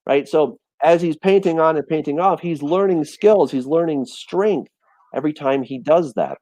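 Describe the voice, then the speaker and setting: A man in a casual Bible discussion, animated and storytelling, often repeating words as he restarts. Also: on the high side, unhurried, no echo. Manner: animated storytelling, acts out voices and quotes. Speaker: teacher of a Bible study show.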